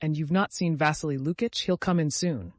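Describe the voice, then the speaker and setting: A man reading the lines of a tender, tearful young mother in an audiobook, speaking softly and with feeling. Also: fairly high pitch, a little fast, no room sound, close to an everyday voice.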